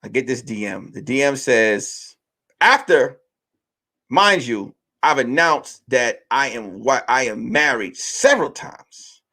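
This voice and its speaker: A man in his late thirties hosting a casual monologue for his listeners, telling stories in a loose, animated way and swearing freely. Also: mid-range voice, slow pace. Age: late 30s. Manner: profane, animated storytelling. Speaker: podcast host.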